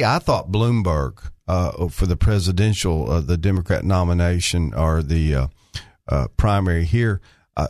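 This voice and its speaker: A man's voice: deep voice, darkish tone, no room sound. An older man from Arkansas guest-hosting a talk radio show in a studio, rambling and folksy with many fillers. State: slightly out of breath.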